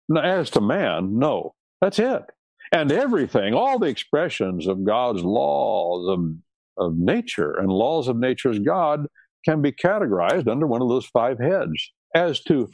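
A man's voice: mid-range voice, a little mellow, no room sound. A man preaching a sermon on scripture and law, stressing and repeating key words.

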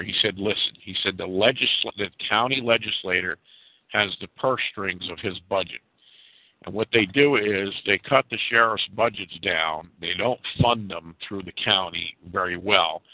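A man's voice: lowish voice, gravelly, dry recording. Man from New York State, rambling call-in talker with restarts, phone-line sound, dry. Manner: rambling storyteller, restarts often. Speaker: caller. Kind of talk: conference call chat.

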